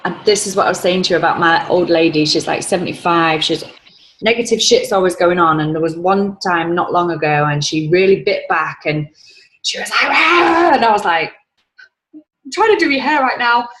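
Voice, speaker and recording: A woman's voice: on the low side, brisk, a bit bright, a little hiss or hum. A woman on a coaching call, rambling as she retells conversations in quotes. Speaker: coaching client. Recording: echoey room.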